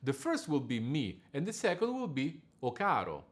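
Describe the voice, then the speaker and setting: A man coaching singers in diction, giving a scripted lesson with measured, precise explanations. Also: a little high, huge pitch swings. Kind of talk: scripted instructional narration.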